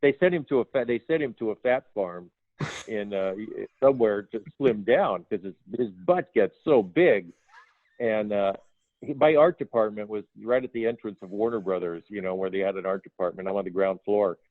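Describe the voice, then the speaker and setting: An older man, a veteran film designer, relays anecdotes in an animated way and slips into the voices of the people he quotes. His voice comes through a narrow, phone-like line. There is no room sound around it. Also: on the low side, normal speed, dry recording. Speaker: guest, film production designer. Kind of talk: storytelling interview. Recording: tinny phone line, dry.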